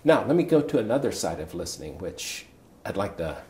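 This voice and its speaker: A man in his sixties, a coach, telling a personal story in a conversation with big swings of pitch. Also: big pitch swings, fairly quick, darkish tone. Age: 60s. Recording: echoey room with faint ambience.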